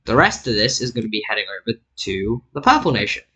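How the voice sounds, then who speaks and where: A man's voice: fairly low pitch, very animated, fast talker, sharp tone, breathy edge, low-quality recording. A man casually narrating a map-drawing video, rambling and correcting himself with jokey asides. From Britain. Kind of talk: casual narration over screen recording.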